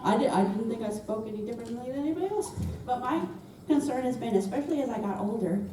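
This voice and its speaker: A woman's voice: on the high side, expressive, fast, over a noisy crowd. A woman with a Southern accent, an audience member asking a chatty, slightly self-conscious question. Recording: echoey hall, far from mic.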